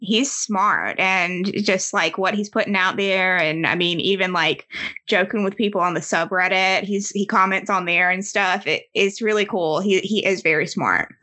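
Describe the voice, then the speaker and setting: A woman's voice: mid-range voice, fairly even intonation, moderate pace, pushed and bright. A woman hosting a podcast in casual chat, giggly and chatty, laughing between sentences. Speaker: podcast host.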